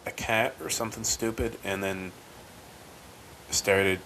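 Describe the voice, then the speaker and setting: Rambling low-voiced man, podcast host. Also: fairly even intonation, slow, bright, forceful tone, low-quality recording. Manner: rambling, many ums and restarts. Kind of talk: casual storytelling monologue. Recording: faint background noise.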